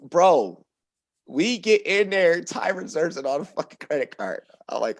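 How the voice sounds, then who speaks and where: A man telling a long story on a podcast in a loose, profane, animated way, often laughing through it. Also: on the high side, measured pace. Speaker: podcast guest. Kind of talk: casual storytelling.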